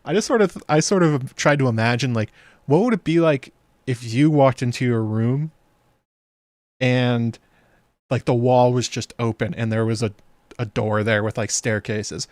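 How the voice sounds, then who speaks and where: A man's voice: medium pitch, normal speed, no echo, clean studio sound. A man hosting a TV episode breakdown in casual commentary, chatty and sarcastic, laughing at the scenes. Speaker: host of a TV episode breakdown channel.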